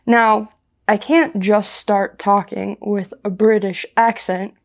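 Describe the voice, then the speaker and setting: A young American woman telling a story slowly and clearly for English learners, repeating ideas in simple words. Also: mid-range voice, steady tone. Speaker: English teacher.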